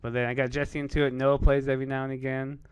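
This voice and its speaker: A man's voice: medium pitch, quick pace, smooth, dry recording. A man co-hosting a podcast, telling a story in casual chat, swearing and laughing often. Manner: animated, profane, laughs often.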